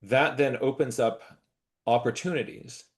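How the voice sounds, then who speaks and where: Unhurried and fairly even in tone, a male interviewer with a mid-range voice reflects aloud as he summarizes ideas in a casual conversation. He frequently restarts phrases and leans on hedging fillers.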